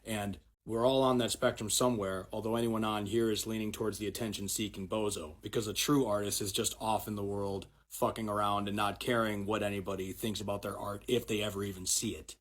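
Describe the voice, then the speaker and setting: A man's voice: lowish voice, little pitch movement, fairly quick, hardly any pauses. A man musing in a self-mocking way about art and seeking attention. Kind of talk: reflective monologue.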